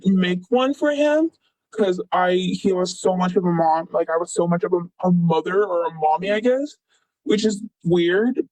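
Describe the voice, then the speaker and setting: A man's voice: sits high, a little mellow, dry recording, low-quality recording. A young man being interviewed, telling a personal story in a rambling, casual way full of fillers. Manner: rambling, filler-heavy, quotes others with "blah, blah".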